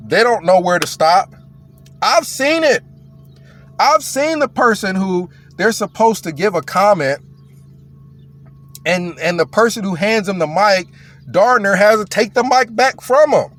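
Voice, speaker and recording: A man's voice: high-pitched, lively intonation, a little slow, pauses often, a bit bright. A man talking in a blunt, mocking, emphatic way as a commentator, in a casual rant.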